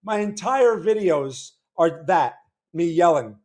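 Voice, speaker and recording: High-voiced man rambling on a livestream. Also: animated, slow pace. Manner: rambling, stammering, repeats words, greets chat viewers loudly. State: weak, worn voice. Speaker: livestream host. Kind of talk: casual livestream chat with viewers.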